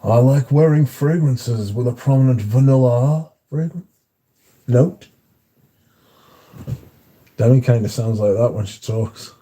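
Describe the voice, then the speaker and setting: Male streamer, very dark mellow tone, dry offhand delivery, reads chat and answers briefly. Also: mid-range voice, a little slow, long pauses. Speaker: livestream host reading chat. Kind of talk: casual chat.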